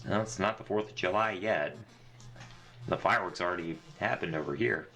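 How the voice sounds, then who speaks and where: A man's voice: low-pitched, normal speed, sharp tone. A man giving sarcastic, profane, rambling commentary while playing a video game. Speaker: gaming channel host. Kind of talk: let's play commentary. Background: faint game music.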